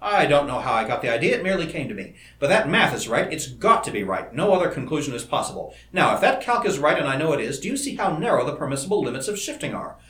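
Eager young male inventor, man reading the part, animated delivery, echoey room. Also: a little high. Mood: excited. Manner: eager, rapid enthusiasm. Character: bright, excitable young male scientist. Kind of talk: audiobook character reading. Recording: roomy echo.

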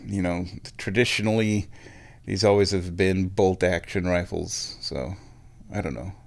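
Here the man speaks in a low, gravelly voice, steady and unhurried. He's a vlogger chatting casually to viewers over a sports broadcast, rambling across topics while he thinks aloud and gropes for words.

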